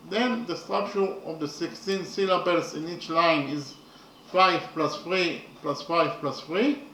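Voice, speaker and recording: Male lecturer, slow and halting, checks in often, roomy distant sound with faint hiss. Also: sits high, a bit bright. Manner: halting, repeats points with "okay?". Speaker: teacher. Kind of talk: lecture on poetry. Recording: echoey room, mic at a distance, faint noise.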